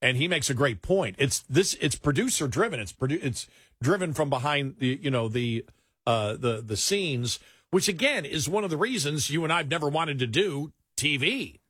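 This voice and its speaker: A middle-aged man, a talk host, speaking bluntly and emphatically in casual political chat, often halting on fillers. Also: a little high, animated, a bit bright, husky, no echo, studio quality.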